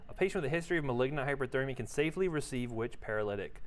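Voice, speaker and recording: A man's voice: medium pitch, animated, very fast, a crowd in the background. A man giving an exam review lecture in a casual, joking way, quizzing his students. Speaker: pharmacology lecturer.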